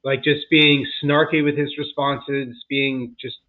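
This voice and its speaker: A man's voice: mid-range voice, little pitch movement, measured pace, phone-quality sound. A man co-hosting a podcast in casual chat, telling a story with heat and swearing freely. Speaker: podcast co-host.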